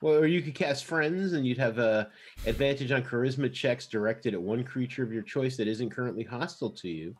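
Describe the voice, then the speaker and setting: Husky man running a tabletop game. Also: mid-range voice, brisk. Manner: laughing, loose narration with many restarts. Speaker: dungeon master.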